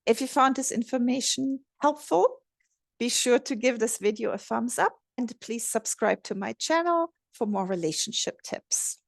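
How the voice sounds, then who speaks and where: A woman relationship coach giving a gentle, measured instructional talk. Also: a little high, animated, gravelly, no room sound, studio quality. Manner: gentle, measured, modelling empathetic phrases.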